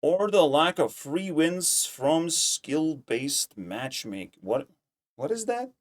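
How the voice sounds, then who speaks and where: A man's voice: on the high side, big pitch swings, slow. A man streaming casual commentary, ranting in a heated, profane way and repeating himself when worked up. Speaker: streamer reacting to clips.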